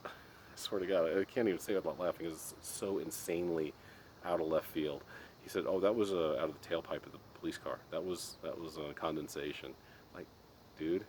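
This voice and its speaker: A middle-aged man with a very low, deep voice rants in a loose, exasperated monologue, stumbling and restarting as he talks. Clear background noise hums behind him. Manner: exasperated ranting, frequent restarts and laughs. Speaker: podcast host. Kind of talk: casual monologue. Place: Colorado. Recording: noisy background.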